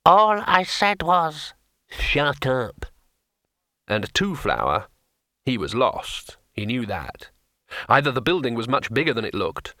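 A man reads an audiobook in a wry, dry storytelling way. His voice is bright and forward. The recording is close and dry. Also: mid-range voice, no room sound. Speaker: narrator. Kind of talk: audiobook narration.

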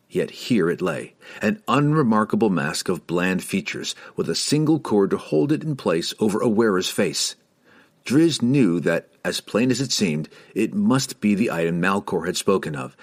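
Lower-voiced man narrating fantasy. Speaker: audiobook narrator.

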